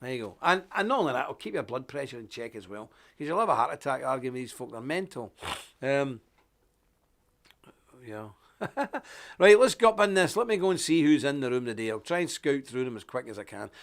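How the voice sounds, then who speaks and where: A man's voice: medium pitch, brisk. Ranting man, under the weather. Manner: animated, ranting, folksy. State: unwell with a stuffy, inflamed nose. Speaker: guest presenter of a live online show. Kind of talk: live broadcast chat and rant.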